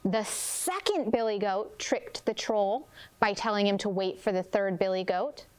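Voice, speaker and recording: A woman kindergarten teacher reading a story aloud and gently asking young children questions about it. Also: medium pitch, a little slow, clear, resonant tone. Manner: gentle, expressive, prompting questions.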